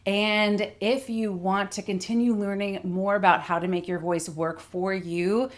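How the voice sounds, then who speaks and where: A middle-aged woman voice coach giving a clear, articulate instructional lesson that demonstrates vocal techniques. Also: medium pitch, steady tone, a little slow.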